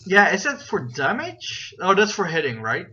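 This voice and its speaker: Bright-voiced man running a tabletop game. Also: sits high, huge pitch swings, moderate pace, slightly rough. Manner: rambling, filler-heavy, checks rules aloud. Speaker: game master. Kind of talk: narrating a tabletop game over voice chat. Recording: dull, lo-fi voice chat with faint noise.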